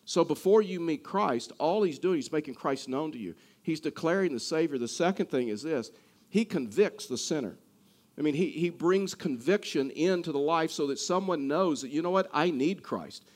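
A man delivering a sermon to his congregation. His voice sits a little higher than most men's. He talks earnestly and keeps repeating and restarting his words. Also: lively intonation, moderate pace, a little mellow. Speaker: pastor.

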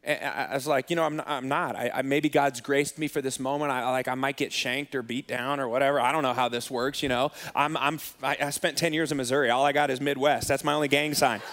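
A man's voice: mid-range voice, steady tone, a little fast, hardly any pauses, fairly bright tone, long reverb tail. A man preaching a sermon as pastor, telling a story in a conversational, self-deprecating, humorous way.

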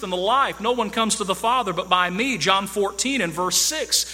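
Bright high-voiced man preaching a sermon. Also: big-room sound. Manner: emphatic, rhetorical questions, quoting scripture.

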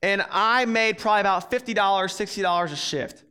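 A young man with a high, light voice preaches in a loose, conversational way. He tells the story with plenty of energy and slips into the voices of its characters as he goes. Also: a little fast, clean tone. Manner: animated, acts out the story's characters. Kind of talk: casual storytelling sermon.

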